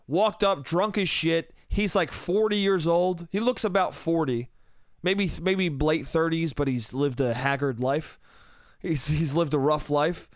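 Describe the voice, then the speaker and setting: A man hosting a comedy podcast, telling a story in an animated, heavily profane rant. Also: a little high, no echo, studio quality. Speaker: podcast host.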